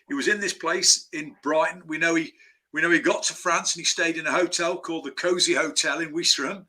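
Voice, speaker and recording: A man's voice: on the high side, sharp tone. A man chatting as a screenwriter guest in a casual interview, telling rambling anecdotes full of restarts.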